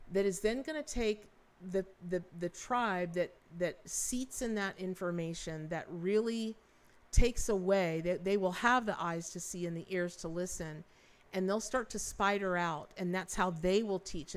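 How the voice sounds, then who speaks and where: A woman hosts a live-stream tarot reading in a smooth, clear voice at a middle pitch. She rambles effusively, restarting her sentences as the ideas come. Her tone stays folksy and affectionate toward her viewers. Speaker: tarot reader and livestream host.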